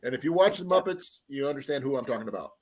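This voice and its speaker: A man hosting a relaxed live-stream chat, full of teasing banter. His intonation rises and falls a lot. A faint hiss sits under his voice. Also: medium pitch, racing. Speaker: host.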